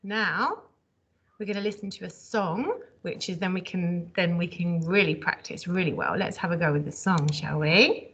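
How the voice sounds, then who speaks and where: A woman's voice: on the low side, normal speed, a bit bright, slightly rough, lo-fi sound. A woman teaching a class, explaining step by step and checking in with the pupils. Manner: friendly, checking in with "okay?". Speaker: primary school teacher. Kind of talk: classroom instruction.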